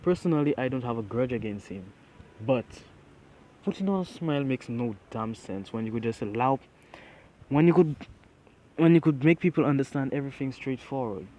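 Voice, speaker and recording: A man's voice: mid-range voice, lively intonation, normal speed, dark tone, close to an everyday voice, low-quality recording. A man voicing a brash, scornful teenage boy who speaks bluntly and with contempt in a fan story.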